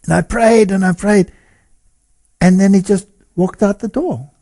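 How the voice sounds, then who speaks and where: A man telling a story in an interview as a lecturer, animated and often chuckling as he talks. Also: sits high, unhurried. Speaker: guest speaker and lecturer.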